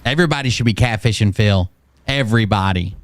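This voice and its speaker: Sarcastic, cursing man, smooth dry voice. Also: on the low side, fast talker, no echo. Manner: sarcastic, profane, scornful. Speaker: commentator reacting to a clip. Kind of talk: mocking live commentary.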